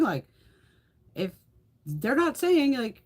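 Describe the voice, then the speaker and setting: A woman's voice: fairly low pitch, animated, normal speed, long pauses, husky. A middle-aged woman hosting a beauty livestream, chatting casually with viewers, laughing often and swearing freely.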